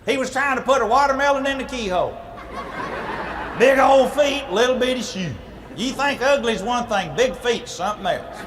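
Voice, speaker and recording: Guy telling a funny story live, folksy, makes sound effects, high voice, noisy tape. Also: moderate pace, fairly bright tone, in a large hall. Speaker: comic storyteller. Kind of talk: humorous storytelling to a live audience.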